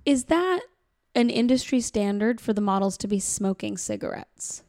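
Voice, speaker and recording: Young woman from Boston, podcast co-host, chatty and jokey, gravelly edge in her voice. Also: mid-range voice, expressive, a little mellow. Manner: chatty, jokey, quick laughs. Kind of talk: casual chat about a film.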